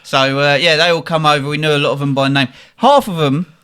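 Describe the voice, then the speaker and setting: Guy on a podcast telling mad stories, bright forceful voice, does all the voices. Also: fairly high pitch, a little fast, clear, resonant tone. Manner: animated, acts out voices in anecdotes. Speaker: podcast host. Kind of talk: casual storytelling chat.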